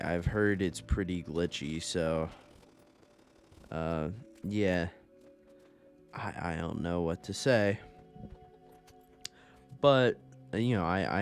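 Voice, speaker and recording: Deep-voiced young man casually gaming. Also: creaky. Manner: rambling, profane, laid-back, laughs often. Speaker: gaming YouTuber. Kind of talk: casual gameplay commentary.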